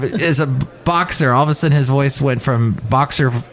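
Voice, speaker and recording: A man's voice: mid-range voice, moderate pace, few pauses, a bit bright. A man hosting a podcast, telling rambling, playful stories in casual chat at a cafe. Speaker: podcast host.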